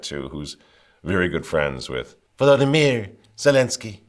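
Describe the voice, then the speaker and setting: A man's voice: low voice, sing-song, a little slow. A man hosting political commentary, mocking and sarcastic with wry asides. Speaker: host.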